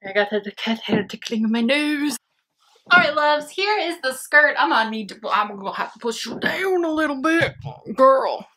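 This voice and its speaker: A woman's voice: high voice, expressive, moderate pace, sharp tone. Bubbly young woman chatting to camera. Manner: chatty, bubbly, laughs often, calls viewers babes and loves. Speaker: fashion vlogger. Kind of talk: casual try-on haul chat.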